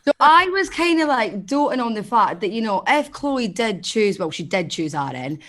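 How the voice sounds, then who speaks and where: A woman's voice: a little high, big pitch swings, moderate pace, fairly bright tone. Chatty young woman guest. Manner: rambling, chatty with fillers. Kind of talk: casual chat.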